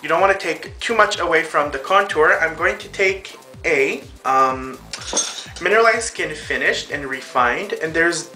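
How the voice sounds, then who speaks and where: Chatty makeup vlogger, male, fairly high and bright voice, faint music underneath. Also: unhurried. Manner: chatty, addresses viewers as girls and boys. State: out of breath. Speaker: makeup tutorial host. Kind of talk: casual makeup tutorial.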